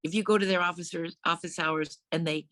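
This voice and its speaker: A woman in her sixties, a comedian guest on a podcast, telling stories in casual chat with a deadpan delivery, acting out quoted voices. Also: lowish voice, fairly quick, no echo.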